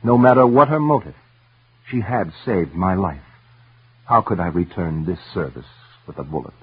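A man's voice: low-pitched, lively intonation, normal speed. Man narrating, tinny old radio sound. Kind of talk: first-person dramatic radio narration. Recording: tinny old radio broadcast with faint music.

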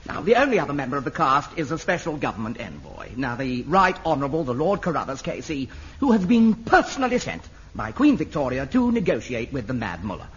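Fussy theatrical man, husky, lo-fi TV. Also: mid-range voice, huge pitch swings, brisk, few pauses. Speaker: theatre director in a sitcom scene. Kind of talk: sitcom acting. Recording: dull lo-fi old TV sound.

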